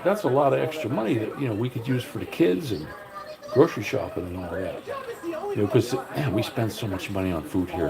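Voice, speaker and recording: Brief: middle-aged man, livestream host, casual and rambling, mid pitch, crowd audible behind. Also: vocal fry, rough recording. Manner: rambling, folksy, talks straight to viewers.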